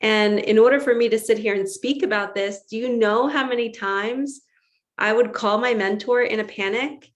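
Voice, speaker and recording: A woman's voice: on the high side, normal speed. A middle-aged woman, a spiritual coach, talking straight to her viewers in an earnest, emphatic way and acting out her own inner voice. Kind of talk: motivational monologue to viewers.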